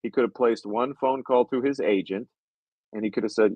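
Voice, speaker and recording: The lo-fi, dry recording captures a podcast host and filmmaker speaking at a moderate pace and medium pitch. He casually shares a behind-the-scenes story, animated and profane, and acts out what people said.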